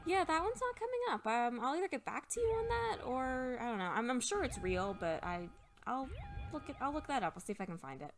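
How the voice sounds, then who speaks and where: Lively chatty woman commenting on a game. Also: high voice, brisk, over music. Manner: chatty, thinks aloud while looking words up. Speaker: let's play host. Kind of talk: casual game commentary, explaining Japanese words.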